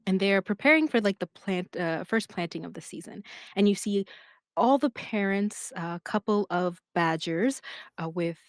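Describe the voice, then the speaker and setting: A woman narrating as game master in a tabletop game, describing scenes gently with many fillers. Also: mid-range voice, expressive, normal speed, dry recording, clean studio sound.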